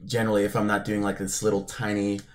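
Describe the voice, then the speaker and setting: A man's voice: lowish voice, completely flat delivery, fast talker. A young adult man co-hosting a podcast, chatting casually with dry, ironic humor. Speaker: podcast co-host. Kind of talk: casual chat.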